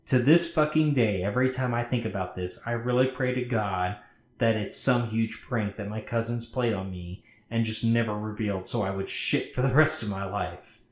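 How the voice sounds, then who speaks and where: A man's voice: lowish voice, normal speed, a little hiss or hum. A man co-hosting a podcast, casually reading a scary story aloud, swearing freely and stopping to comment. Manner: profane, chatty, breaks off to comment. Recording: roomy echo.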